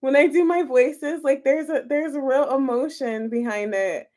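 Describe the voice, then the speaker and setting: A woman's voice: high-pitched, moderate pace, darkish tone. A woman tarot reader chatting casually with her live-stream viewers, giggly and chatty as she answers their comments.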